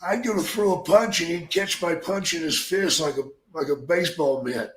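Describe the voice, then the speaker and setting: Gruff, profane man with a raised voice. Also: fairly high pitch, moderate pace, a bit bright, roomy sound. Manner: gruff, profane, rambling anecdotes. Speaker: retired pro wrestler telling stories. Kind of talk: casual podcast storytelling.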